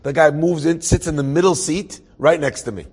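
A husky man telling an inspiring story from his youth at an easy pace. He keeps undercutting himself with dry, self-mocking jokes. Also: on the high side, brisk, darkish tone. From New Jersey area. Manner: humorous, self-mocking asides.

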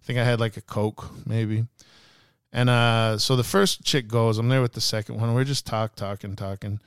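A man's voice: mid-range voice, fairly even intonation, moderate pace, clean tone, dry recording, studio quality. A young man on a podcast telling a story in casual chat, acting out the people he quotes. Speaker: podcast guest.

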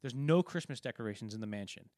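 A man's voice: mid-range voice, lively intonation, fast talker, darkish tone, no room sound, studio quality. A man casually talking through a film, rambling and acting out quoted lines as he retells scenes. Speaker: podcast co-host.

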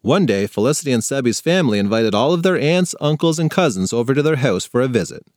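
A man narrating a funny children's story with playful, expressive storytelling on a close mic. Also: medium pitch, quick pace, no room sound. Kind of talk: scripted narration for kids.

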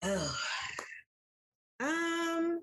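A woman's voice: very high voice, big pitch swings, drawn-out words, a bit bright. A woman co-hosting a podcast in casual chat, talking straight to her listeners. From United States. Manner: chatty, addresses listeners directly. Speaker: podcast co-host.

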